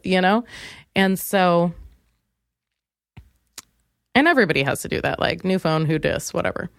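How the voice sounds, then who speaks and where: Young woman comic host, low-ish smooth voice, loose rambling profane storytelling, dry close mic. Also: moderate pace, long pauses, no echo. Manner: rambling, candid, profane, many fillers and restarts. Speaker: podcast host. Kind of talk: comedic storytelling monologue.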